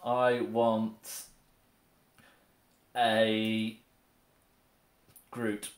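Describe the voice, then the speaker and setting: A man eating on a livestream, dry and low-key, reading out viewer comments between bites. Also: monotone, drawn-out words. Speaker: mukbang co-host reading chat. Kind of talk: casual chat while eating on a livestream. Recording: roomy echo.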